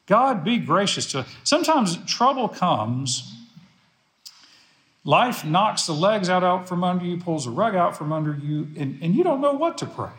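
A man's voice: high voice, very animated, moderate pace, fairly bright tone. A man preaching a sermon as pastor, emphatic and repeating phrases for stress. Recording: echoey room.

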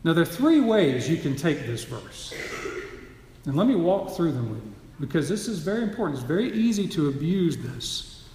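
A man's voice: on the high side, very animated, normal speed, darkish tone. A man preaching a sermon, teaching earnestly and building to emphatic, repeated phrases. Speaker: pastor. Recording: echoey hall, long reverb.

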